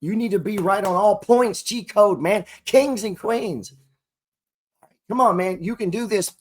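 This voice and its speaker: A man's voice: sits high, moderate pace. A middle-aged man hosting his own channel, delivering a profane, slangy motivational talk about trading and making money straight to the camera. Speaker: trading coach and channel host.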